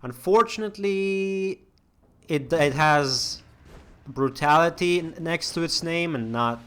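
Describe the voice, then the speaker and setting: A man's voice: on the high side, slow, a bit bright, clear, resonant tone. A young man hosting a let's-play, chatting casually as he plays, rambling with lots of restarts and fillers. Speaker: gaming channel host.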